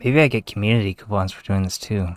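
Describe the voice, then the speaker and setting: A man's voice: lowish voice, fast, soft background music. A young man giving casual, swearing commentary as he plays a game, muttering to himself and getting easily aggravated. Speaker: gamer streamer.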